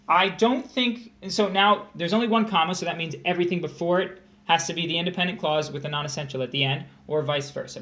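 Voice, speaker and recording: Young male tutor, a little high-voiced, casual livestream lesson, thinks out loud. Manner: conversational, thinks aloud with restarts and rereads. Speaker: test prep tutor.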